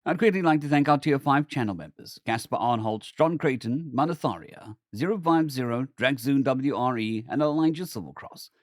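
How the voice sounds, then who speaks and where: Lively male storyteller, dry sound. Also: mid-range voice, moderate pace, hardly any pauses, no room sound. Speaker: story narrator. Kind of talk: scripted narration.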